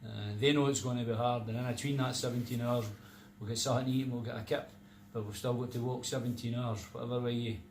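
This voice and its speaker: A man's voice: mid-range voice, level tone, fast talker, a little hiss or hum. Man in his fifties, echoey room. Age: 50s. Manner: chipping in, good-humoured. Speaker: charity trekker. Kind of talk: casual vlog chat.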